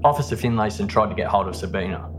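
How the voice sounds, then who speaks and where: A man hosting a podcast, telling a true-crime story in a steady, measured scripted narration. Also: fairly low pitch. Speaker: podcast host. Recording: narration over background music. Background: music.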